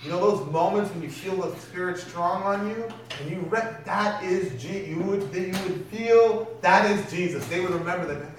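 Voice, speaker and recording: A man's voice: sits high, normal speed, few pauses. A man preaching a sermon in a conversational way, often putting questions to the congregation. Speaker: pastor. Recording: echoey hall from far off, faint noise.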